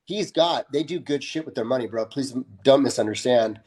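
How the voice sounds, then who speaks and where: A man's voice: medium pitch, moderate pace, darkish tone, husky. A man who is a guest on a live stream, chatting casually in a laid-back way, often saying "bro" and restarting his sentences. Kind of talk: casual chat.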